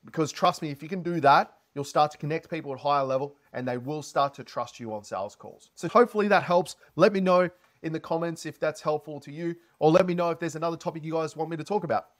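A man's voice: fairly high pitch, fast talker, few pauses. A man coaching on sales, talking to camera with lots of inflection and energy. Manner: animated, heavy inflection, energetic. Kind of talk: casual advice talk to camera.

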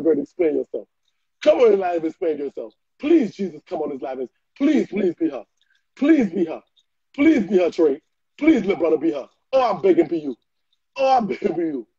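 A man doing a loud, flamboyant ranting reaction video, trading in trash talk and frequent shouting. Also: sits high, husky, no room sound. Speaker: social media personality. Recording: muffled lo-fi dry recording.

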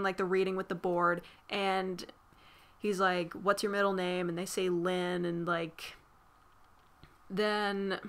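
A woman's voice: medium pitch, fairly bright tone. A woman casually recapping a film's plot, rambling with constant fillers and frequent swearing. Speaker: movie recap vlogger.

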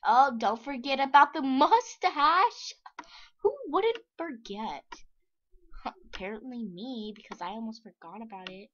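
A high, lively young woman chatting sarcastically and excitedly through a casual screen-recording vlog. She drawls along slowly, now and then slipping into whispers. The mic sounds dull and lo-fi, with mouse clicks behind her. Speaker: vlogger.

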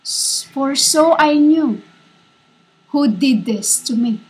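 A woman with a high voice delivers a fervent prophetic declaration at an unhurried, deliberate pace. She speaks haltingly and repeats herself, as if she were a divine voice addressing her listeners. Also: expressive. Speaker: self-styled prophet.

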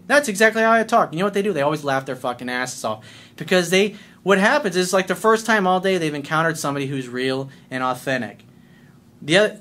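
A man's voice: high-pitched, fairly bright tone. Brash, profane man ranting straight to camera. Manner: profane, confrontational, emphatic. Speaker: life coach. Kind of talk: blunt video monologue.

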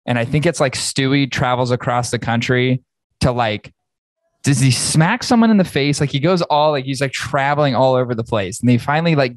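A man's voice: mid-range voice, no echo. A man hosting a podcast, ranting angrily and swearing heavily. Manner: profane, angry ranting. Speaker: podcast host. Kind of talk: casual podcast rant.

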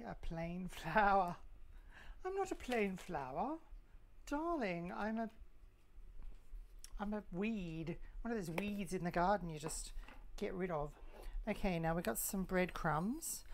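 A woman hosting a casual live cooking stream, chatting and joking with viewers in a self-mocking way. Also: fairly low pitch. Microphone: clip mic, sometimes moved.

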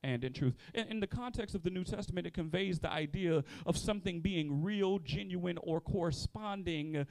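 High-pitched impassioned preacher man, dry sound. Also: normal speed, creaky, hardly any pauses, dry recording, rough recording. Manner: impassioned, shifting between calm teaching and rising shouted exhortation; sings out some phrases, repeats lines for emphasis. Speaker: pastor. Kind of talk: sermon.

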